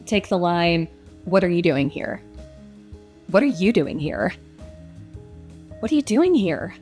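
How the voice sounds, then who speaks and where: A young woman who narrates audiobooks, answering interview questions in a casual, reflective way with frequent fillers. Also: on the low side.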